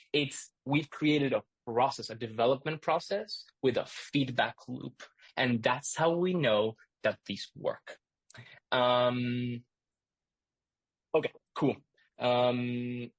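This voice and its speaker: A man hosting a live online class, explaining excitedly with lots of restarts and asides. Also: medium pitch, no room sound. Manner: energetic, rambling, lots of restarts. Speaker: host and instructor. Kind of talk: live webinar teaching.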